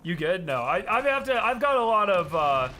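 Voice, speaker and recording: A young man giving profane, excitable commentary while playing a game, trash-talking and bursting into yells. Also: high voice, normal speed, slight background noise. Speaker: gaming video creator. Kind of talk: live gameplay commentary.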